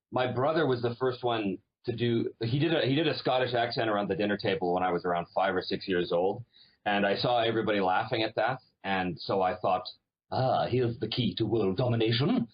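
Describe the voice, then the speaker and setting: A man from Canada, a voice actor guest, chatting casually in an interview and telling animated stories. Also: medium pitch, breathy edge, dull audio. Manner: animated storyteller, slips into accents.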